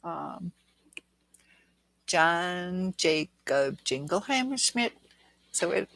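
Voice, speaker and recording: A woman's voice: lowish voice, lively intonation, slow, creaky, long pauses, no room sound. A woman hosting a casual live stream, reading viewer comments aloud in a rambling, chatty way and laughing often. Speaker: livestream host reading viewer chat.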